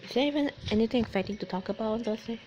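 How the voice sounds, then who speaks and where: A woman's voice: on the high side, rapid-fire, a little mellow, highs cut off, a little hiss or hum. A woman hosting a casual let's-play, chatty and jokey with rambling asides, music mixed under her voice. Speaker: gaming channel host.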